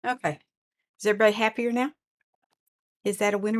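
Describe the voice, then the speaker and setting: A woman's voice: mid-range voice, steady tone, quick pace. A woman hosting a casual live stream, reading viewer comments aloud and chatting with a laugh. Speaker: livestream host reading chat.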